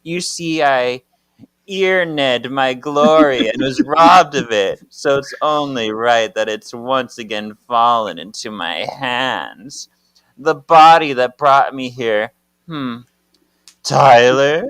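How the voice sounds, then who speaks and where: A man's voice: medium pitch, slow, fairly bright tone, clear, resonant tone, dry recording. A man reading the lines of a menacing, arrogant female witch villain from a comic, taunting and self-assured. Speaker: podcast co-host reading comic aloud.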